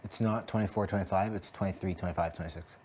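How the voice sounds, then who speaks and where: Low monotone guy fixing the numbers quietly, soft hiss. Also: fast talker. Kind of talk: casual chat.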